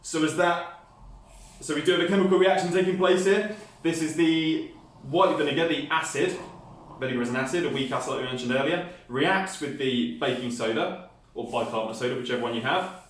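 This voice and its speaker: A man with a fairly high, brisk voice enthusiastically walks through a hands-on science experiment step by step. The mic sits at a distance in an echoey room.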